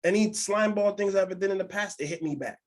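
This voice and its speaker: A man's voice: sits high, fast talker. A man co-hosting a casual podcast, telling candid stories and acting out quotes in other voices. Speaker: podcast co-host.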